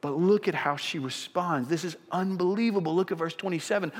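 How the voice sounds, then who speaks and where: A man's voice: high voice, brisk, few pauses. A man preaching a sermon as pastor, earnest and emphatic, often restarting his sentences as he builds a point. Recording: long reverb of a large hall.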